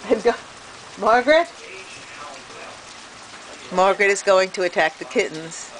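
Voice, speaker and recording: A woman's voice: medium pitch, measured pace, a bit bright. A middle-aged woman chatting to her pet birds in a sing-song voice, filming on a porch in the rain. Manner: sing-song baby talk to birds, with frequent laughs. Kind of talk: casual talk to pets. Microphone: handheld camera. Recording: noisy outdoor camera audio. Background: rain and bird sounds.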